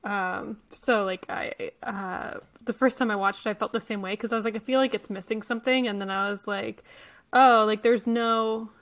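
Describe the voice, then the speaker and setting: A young woman talking casually about a trailer in a relaxed, agreeable way. Her voice sits at a middle pitch, and her sentences trail off in soft fillers. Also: normal speed. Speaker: co-host. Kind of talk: casual trailer reaction chat.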